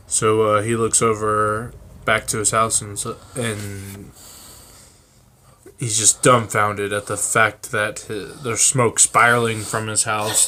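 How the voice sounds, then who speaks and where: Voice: medium pitch, sharp tone, a little hiss or hum. A performer improvising a comedy story in a casual, rambling way, full of fillers.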